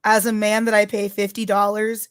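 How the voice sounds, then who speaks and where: A woman's voice: mid-range voice, monotone, normal speed, smooth, dry recording, clean studio sound. A woman co-hosting a casual chat show, blunt and profane, with a joking, offhand way of talking. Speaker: podcast co-host.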